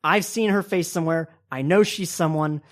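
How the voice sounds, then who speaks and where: A woman's voice: on the low side, moderate pace, natural voice. A woman voicing a suspicious party guest who presses her accusations in an insistent, pointed way.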